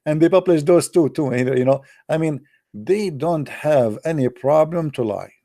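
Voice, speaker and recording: Middle-aged guy, english not his first language, sarcastic host ranting at a desk mic, gravelly dark voice, dry close sound. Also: on the high side, a little slow, no room sound. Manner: sarcastic, repeats words, says "my friend". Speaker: online show host. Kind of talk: casual live commentary.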